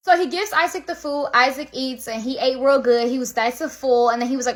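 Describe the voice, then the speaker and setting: A woman hosting casual Bible storytelling, chatty and animated, full of slang. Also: sits high, fairly quick, few pauses. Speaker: host.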